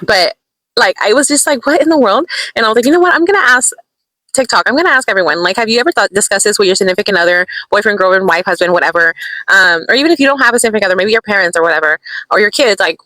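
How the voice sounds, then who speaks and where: A bright, sharp-voiced young woman rattles off a casual storytime vlog at a quick clip. She is animated and excitable, jumping into little asides to her viewers. The sound is dry and close. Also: mid-range voice, no room sound, poor audio. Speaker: vlogger. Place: in a parked car.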